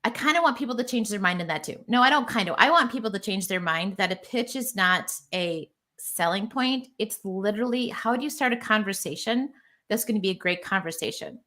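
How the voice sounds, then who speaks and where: A woman guest on a business podcast, talking as a marketing strategist. Her voice is bright and forward, and she explains things with easy confidence in a casual chat. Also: mid-range voice, expressive, a little fast.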